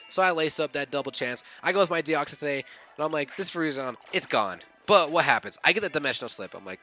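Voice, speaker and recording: A young man giving casual commentary over his own game, excitably reliving his reactions and thinking aloud as he corrects himself. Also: on the high side, fast, faint music behind. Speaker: gaming YouTuber.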